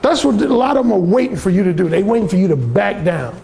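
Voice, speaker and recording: A man's voice: sits high, lively intonation, fast, vocal fry, warm tone. A man giving a live talk to a small audience, telling stories bluntly and with profanity, and acting out other people's lines. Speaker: dating coach giving a talk. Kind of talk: live seminar storytelling to a room.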